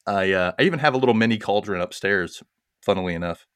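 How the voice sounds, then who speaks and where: A man with a lowish voice hosts a relaxed chat show. He recaps a movie in a rambling, lively way, full of asides. The sound is dry and close. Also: fast talker, smooth, no echo. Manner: chatty, rambling, animated retelling. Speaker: podcast host. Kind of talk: casual chat, retelling a movie.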